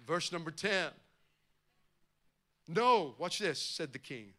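A man's voice: on the high side, expressive, normal speed, bright, forceful tone. A male pastor preaching a sermon with impassioned, rising emphasis.

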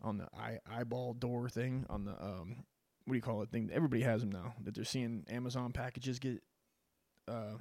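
Man, podcast host, profane rambling monologue, keeps saying dude, mid-pitched voice, dry close sound. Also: steady tone, a little fast, creaky, a little mellow, no room sound. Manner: crude, rambling, says "dude" constantly.

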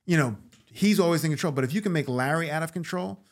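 A man's voice: fairly high pitch, fast. A man from New York, an actor and comedian, telling a story as a guest, acting out the voices of the people in it and swearing freely. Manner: animated, acts out quoted voices, swears freely. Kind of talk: casual storytelling.

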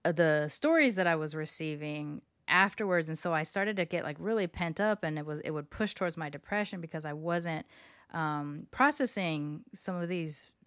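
A woman hosting her podcast in a low, smooth voice that sounds dry and close to the mic. She talks casually and openly, chatty and frank, with plenty of ums and uhs. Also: moderate pace, fairly bright tone, no echo. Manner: candid and chatty, with frequent fillers. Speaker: podcast host. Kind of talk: casual solo podcast talk.

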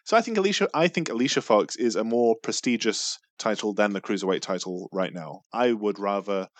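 A man's voice: lowish voice, expressive, fairly quick, no room sound. A man hosting a casual podcast over a video call, joking and laughing often. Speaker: podcast host. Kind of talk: casual group chat.

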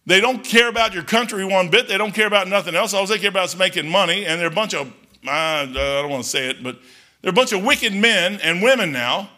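Folksy bright-voiced man, blunt and rambling. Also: sits high, lively intonation, brisk. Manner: folksy, blunt, many restarts and asides. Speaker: Christian speaker. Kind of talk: casual rambling sermon-like talk.

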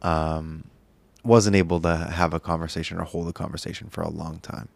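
A man in his late twenties in casual chat, speaking haltingly and softly with many pauses. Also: deep voice, little pitch movement, creaky. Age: 20s. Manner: halting, soft-spoken, many pauses and fillers.

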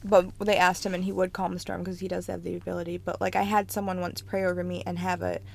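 A woman co-hosting a casual faith podcast, sharing reflections in a thoughtful, calm way. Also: on the low side, quick pace, vocal fry. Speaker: podcast co-host.

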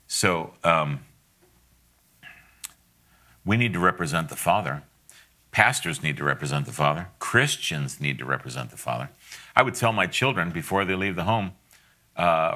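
A man's voice: very deep voice, measured pace, long pauses, pushed and bright. A middle-aged man giving a conversational sermon, folksy and direct, with asides and frequent laughs.

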